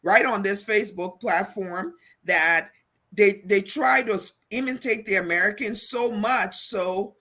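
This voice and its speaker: A woman's voice: medium pitch, measured pace, a bit bright. A woman from Liberia co-hosting a casual talk show, stating her opinions firmly. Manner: firm, opinionated. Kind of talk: casual panel chat.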